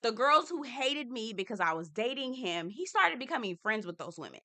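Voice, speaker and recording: A young woman chats through a reality TV recap. Her voice sits a bit high and sounds bright. She is animated and expressive, acting out quotes with lots of laughter. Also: moderate pace. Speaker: TV recap host.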